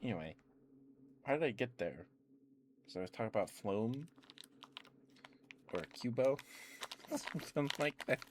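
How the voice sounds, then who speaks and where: A young man rambling through relaxed ASMR chat on a stream, with lots of filler words, at a close mic. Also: mid-range voice, unhurried, long pauses, background noise. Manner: rambling, meandering, full of "like" and "um" fillers. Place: home streaming setup.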